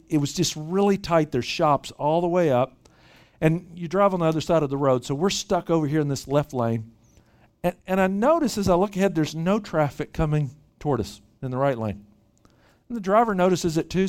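A man preaching at a retreat, telling a lively story and often repeating words as he starts sentences. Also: on the high side. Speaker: pastor. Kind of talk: sermon with storytelling.

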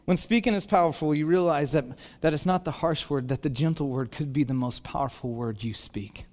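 A man preaching a sermon as a pastor, telling stories with animated acted-out dialogue and self-deprecating humor. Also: fairly high pitch, fairly quick, few pauses. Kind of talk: storytelling sermon. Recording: long hall reverb.

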